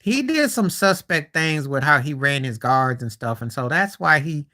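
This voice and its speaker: This live-stream host's voice sits on the high side, animated and sharp, at a moderate pace. His basketball talk is casual and meandering, with restarts, dropped threads, and disbelieving remarks.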